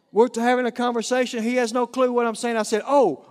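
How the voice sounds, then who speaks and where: Man, Oklahoma Southern accent, preacher, folksy sermon, talks straight to the congregation, fairly high voice. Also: animated, fast, few pauses, smooth. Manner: folksy, conversational, addressing the congregation.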